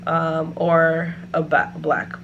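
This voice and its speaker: A woman talks casually as a home decor vlogger, chatty and thinking aloud with plenty of "like" and "um". Her voice sits a little low. A faint hum runs behind her. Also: little pitch movement, very slow, phone-quality sound. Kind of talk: casual chat.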